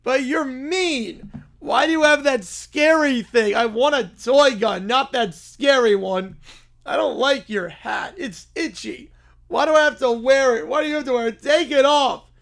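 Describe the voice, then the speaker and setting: A man's voice: extremely high pitch, vocal fry, a bit bright, voice pushed up, exaggerated voice. A man voicing a whiny, bratty, scared cartoon bear-child who complains nonstop. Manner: whining, complaining, drawn-out.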